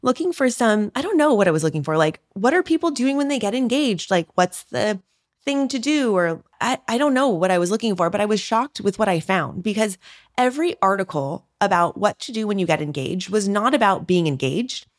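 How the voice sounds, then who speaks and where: A woman in her thirties hosting a podcast, telling a personal story in a chatty, animated way. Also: medium pitch, a little fast. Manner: chatty and animated, laughing asides. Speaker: podcast host. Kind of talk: casual storytelling monologue.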